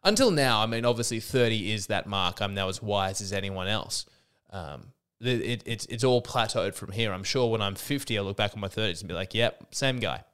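A man in his thirties, a bit under the weather, hosts a podcast with a solo comic rant that's sarcastic, exasperated, and riddled with restarts. He talks briskly in a lowish, expressive, smooth voice that's fairly bright.

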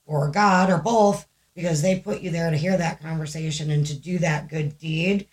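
A woman's voice: low-pitched, fairly even intonation, moderate pace. A woman co-hosting a casual podcast, reading listener stories aloud, chatty and swearing freely. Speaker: podcast co-host.

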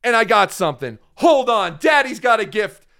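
A man guest hosting a live stream, joking loudly and calling himself Daddy while thanking viewers, speaking over a phone. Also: high-pitched, sing-song, moderate pace, gravelly. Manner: boastful, calls himself Daddy, jokey and loud. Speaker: guest host. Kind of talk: casual live-stream banter.

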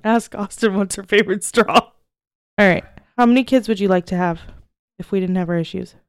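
A young woman guesting on a podcast, answering quick questions bluntly and playfully and giggling often. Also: medium pitch, clear, resonant tone, dry recording, clean studio sound. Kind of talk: casual chat, quick-fire answers.

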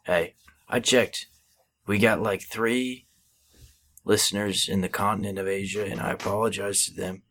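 A man's voice: on the low side, fairly even intonation, normal speed, fairly bright tone. A young man co-hosting a podcast in casual chat, tossing off dry, offhand quips. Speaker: podcast co-host.

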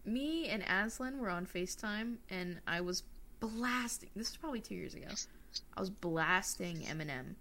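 A young woman co-hosting a podcast, telling stories in a giggly, animated way, swearing now and then. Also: mid-range voice, normal speed. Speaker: podcast co-host. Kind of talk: casual chat.

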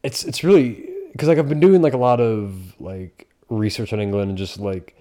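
A man's voice: fairly low pitch, normal speed, mellow. A man co-hosting a podcast in casual, rambling chat full of fillers and swearing. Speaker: podcast co-host.

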